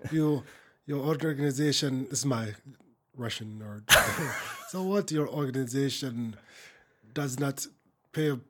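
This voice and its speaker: A man's voice: mid-range voice, unhurried, pushed and bright, a little hiss or hum. A man doing a mocking Rand-style blowhard. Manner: mocking, faltering put-on Russian accent attempt. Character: blunt Ayn Rand-style man, dismissive of workers.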